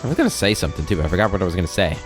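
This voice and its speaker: Let's play host: man with a very low voice, casual thinking-aloud commentary, soft game music behind. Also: big pitch swings, very fast. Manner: rambling, easygoing, thinks aloud.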